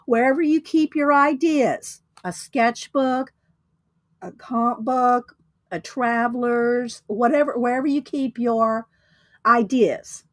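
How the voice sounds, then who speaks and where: A woman's voice: a little high, slow pace, dry recording. A woman hosting a casual livestream, chatting, greeting viewers and laughing often. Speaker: livestream host.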